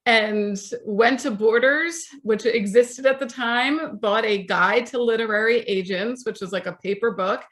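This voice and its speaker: A woman's voice: on the high side, fairly bright tone. Chatty woman author telling stories. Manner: chatty storytelling, acts out quoted voices. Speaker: author, podcast guest. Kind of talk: interview.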